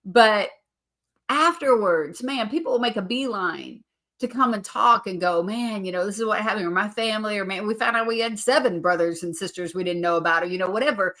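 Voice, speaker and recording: A woman's voice: mid-range voice, brisk, a bit bright. A woman hosting a podcast, telling her story earnestly with many fillers and restarts. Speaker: podcast host. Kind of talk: casual podcast chat.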